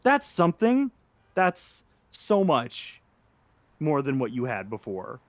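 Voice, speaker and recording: A man's voice: mid-range voice, a little slow, no room sound, lightly acted. A man voicing a nervous, scheming male drug inventor who stammers and rambles in a tabletop game. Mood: flustered.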